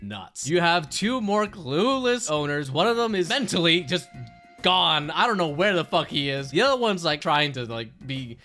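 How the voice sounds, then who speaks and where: A man's voice: on the high side, normal speed, soft background music. A young man giving casual, sarcastic commentary, swearing freely and laughing as he ranks things. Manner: animated, profane, sarcastic, laughs often. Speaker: commentary video host.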